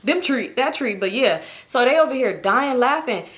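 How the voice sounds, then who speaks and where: A young woman telling a personal story to camera in a casual, slangy, animated way, often laughing. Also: fairly high pitch, normal speed, slight background noise. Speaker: storytime vlogger.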